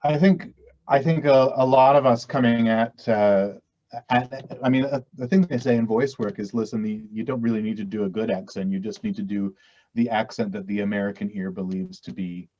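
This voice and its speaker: A man's voice: on the low side, fairly even intonation, moderate pace, warm tone. Rambling Canadian man, dull lo-fi audio. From West Coast Canada. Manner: rambling, self-deprecating, frequent restarts. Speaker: actor guest. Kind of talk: casual interview chat.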